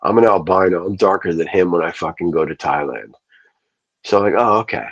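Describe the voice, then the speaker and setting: A man's voice: low-pitched, fairly quick, slightly rough, highs cut off. A man hosting a livestream, telling a long rambling story in casual, profane speech. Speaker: livestream host.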